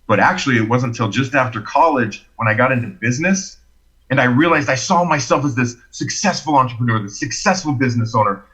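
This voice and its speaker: A man telling his personal story as a podcast guest, expressive and animated, acting out the quotes. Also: mid-range voice, breathy edge, highs cut off.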